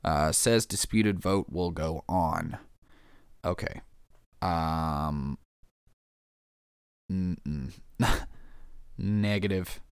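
A man's voice: low-pitched, drawn-out words, long pauses, smooth, no echo, clean studio sound. A man casually reading headlines aloud and reacting to them, joking and rambling, calling people "man" and "dude". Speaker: vlogger reacting to news.

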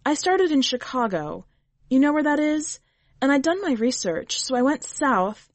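A woman doing an anxious young wife, higher. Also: sing-song, moderate pace, no room sound. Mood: earnest. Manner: anxious, pleading. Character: earnest young woman on a quest for love.

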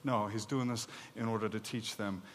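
Animated preacher man in a reverberant hall. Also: on the low side, normal speed, a little hiss or hum. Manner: animated, acts out voices with mock exasperation. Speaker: pastor. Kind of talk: sermon.

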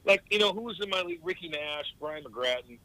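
A man, a former hockey player, telling rambling, profane stories in a casual podcast chat with lively voiced quotes. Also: on the high side, fast, low-quality recording.

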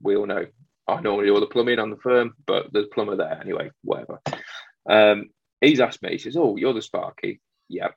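A man's voice: on the low side, fairly quick, vocal fry, husky, no room sound, highs cut off. A man working as an electrician tells a work story in casual chat, acting out both sides of the dialogue.

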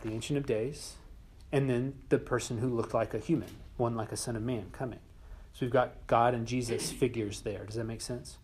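A man teaching a Bible class in a relaxed, conversational way, getting animated and sometimes dropping to a whisper for emphasis. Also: mid-range voice.

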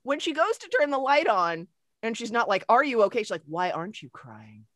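A woman co-host talks quickly and animatedly in casual chat, with frequent swearing. Her voice sits at a middle pitch and sounds dry, with no room echo at all. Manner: animated, profane, quick-talking. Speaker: podcast co-host.

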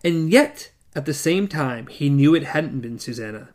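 A man's voice: fairly high pitch, expressive, moderate pace, darkish tone. A man reading a novel aloud in a casual way, with asides and self-corrections. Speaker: reader.

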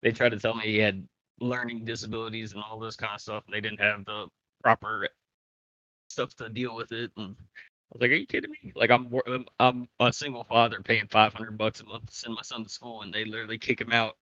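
A man talks as a guest on a podcast in easygoing, casual chat. His voice sits fairly low, and the recording is dry with little room sound. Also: little pitch movement, a little fast, bright, forceful tone, dry recording, dull audio.

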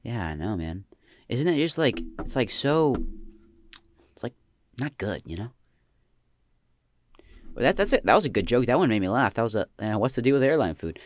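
A young man hosts a comedy podcast, fielding listener questions in a deadpan slacker drawl that trails off into "man" and "bro." His voice is mid-range, his speed normal, and he pauses often.

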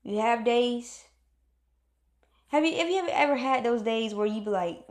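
A woman's voice: high-pitched, lively intonation, unhurried, reverberant. A woman giving a casual motivational talk, earnest and encouraging, repeating herself and acting out moods as she speaks.

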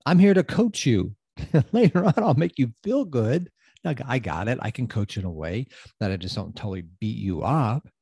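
A man's voice: medium pitch, expressive, moderate pace, warm tone, breathy edge, no room sound, clean studio sound. A middle-aged man hosting a motivational coaching podcast, emphatic and casual, often repeating phrases for effect. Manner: casual, loose grammar.

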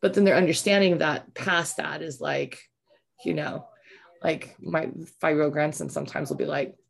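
A woman's voice: deep voice, fairly even intonation, moderate pace, vocal fry. A middle-aged woman hosting a casual interview chat, rambling and chatty with many fillers. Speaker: podcast host.

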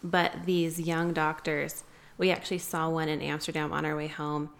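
A woman guest telling a long story in an interview, earnest and pausing often with fillers. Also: low voice, flat delivery, creaky. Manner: earnest, many filler pauses. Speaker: guest, founder of an anti-trafficking group.

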